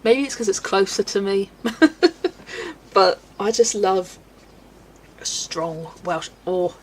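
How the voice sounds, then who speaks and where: Speaking slowly in a medium-pitched voice, a woman hosts a colouring livestream and reads out viewers' live comments. She chats casually and laughs often, with faint background noise.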